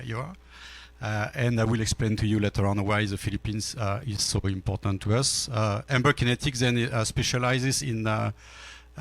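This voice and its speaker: A gravelly, low-voiced man in his fifties speaks English with a French accent. He gives panel remarks at a business forum, pausing often on fillers and restarting his sentences. His voice has a rough, creaky edge. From France. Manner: halting, many fillers and restarts. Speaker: panel speaker, energy storage executive.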